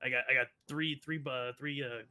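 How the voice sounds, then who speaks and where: A man's voice: medium pitch, steady tone, normal speed, bright, forceful tone, a little hiss or hum. A man playing a tabletop game, playful and rambling, tripping over his words. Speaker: player. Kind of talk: tabletop role-play.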